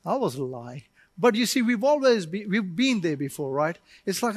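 A man pastor preaching a sermon at a church service, animated and joking with the congregation, at times building to emphatic shouting. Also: very high voice, moderate pace, no echo.

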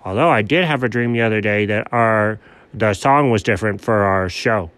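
In a comedic two-character sketch, a man voices a dreamy, pompous male dog who poses as a sea admiral and calls himself an admiral. He plays it low, slow and grandly self-important. His voice is a bit bright and smooth, close to an everyday voice, with no room sound.

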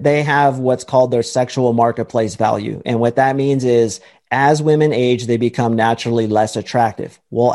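A man's voice: mid-range voice, warm tone. A man speaking as a podcast guest and dating coach, lecturing emphatically and acting out quoted voices. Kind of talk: confident explanatory talk.

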